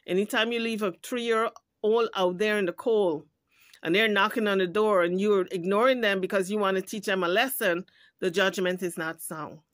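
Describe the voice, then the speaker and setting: A YouTube commentary host delivers a heated rant, scolding indignantly and swearing often. Her mid-range voice is steady in tone at a normal speed, with no room sound.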